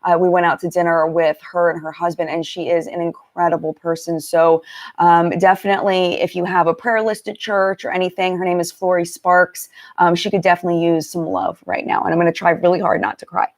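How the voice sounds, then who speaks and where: A woman's voice: lowish voice, level tone, fairly quick. Chatty woman hosting a live stream. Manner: chatty, warm greetings to viewers, many fillers. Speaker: beauty channel host. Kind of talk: casual live-stream chat.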